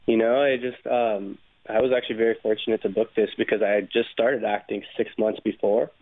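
A young man with a low voice, chatting easily on air as a guest actor. He comes through a tinny phone line, and he pads his speech with "um" and "like". He sounds relaxed and dry. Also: brisk, no room sound. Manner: relaxed, casual, filler-heavy. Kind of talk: phone interview.

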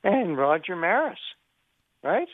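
Phoning in to a radio program, an older sports journalist speaks slowly in a voice that sits high, with no room sound. He's an animated anecdote-teller, performing the quoted words of each person in his long tale.

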